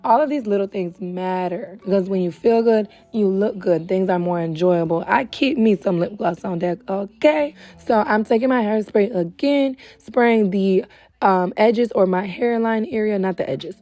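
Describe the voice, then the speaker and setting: A young adult woman hosting a casual wig tutorial, chatty and friendly with viewers, a little hoarse and short of breath. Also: medium pitch, normal speed, mellow. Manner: chatty, calls viewers girl and baby. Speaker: beauty supply wig stylist host. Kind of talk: casual tutorial talk to camera. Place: indoors at home.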